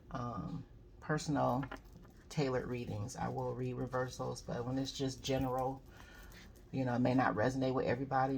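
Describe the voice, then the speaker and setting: A woman doing a casual tarot reading, chatty and drawn-out, often trailing off into soft murmurs. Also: very deep voice, vocal fry. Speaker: tarot reader. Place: home reading space. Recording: loud background noise.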